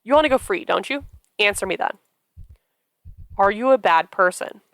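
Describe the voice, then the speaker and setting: A woman voicing a calm, menacing male captor in a visual novel, keeping his voice soft, even and mockingly gentle. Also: medium pitch, moderate pace, no room sound. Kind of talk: reading a visual novel aloud.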